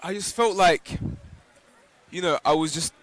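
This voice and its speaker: A man's voice: on the high side, measured pace, a bit bright, no room sound. Reflective man telling a personal story. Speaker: interview guest. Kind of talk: live outdoor broadcast interview. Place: outdoors on a pilgrimage walk.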